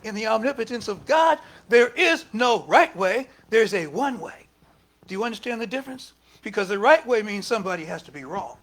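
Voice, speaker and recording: A man with a notably high voice delivers a sermon in a loose, conversational way. He swings from hushed, almost whispered asides up to loud, emphatic bursts when he acts out what others said. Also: lively intonation, brisk. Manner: conversational preaching, rising to emphatic quoted speech and dropping to near whispers. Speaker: speaker at a spiritual center service. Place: church hall.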